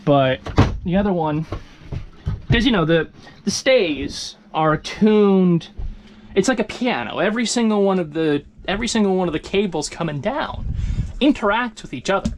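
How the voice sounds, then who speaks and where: A man's voice: on the high side, expressive, normal speed, slight background noise. A man giving a casual, profane and rambling walkthrough of the repairs on his sailboat, speaking from inside the cabin. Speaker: boat owner showing repairs.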